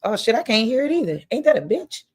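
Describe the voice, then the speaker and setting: Loud, bossy woman hosting a stream. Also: on the high side, very animated, fast talker. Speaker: livestream panel host. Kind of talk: casual livestream chat.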